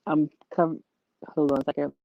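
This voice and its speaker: A woman's voice: sits low, little pitch movement, moderate pace, no echo, muffled recording. A tired woman chatting casually as a livestream guest, rambling and laughing often, her voice worn from lack of sleep. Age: adult with a child. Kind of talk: casual chat.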